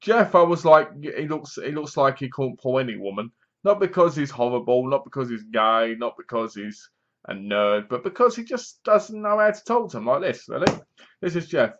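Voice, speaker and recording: A man's voice: fairly high pitch, sing-song, moderate pace, dull audio. A man reviewing a horror film in a casual, rambling, sarcastic way. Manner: sarcastic, mocking, meandering.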